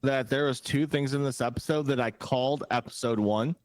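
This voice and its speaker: A man's voice: medium pitch, a little fast, dry recording. A man co-hosting a podcast, talking casually and emphatically, swearing and retelling scenes. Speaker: podcast co-host. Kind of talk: casual recap chat.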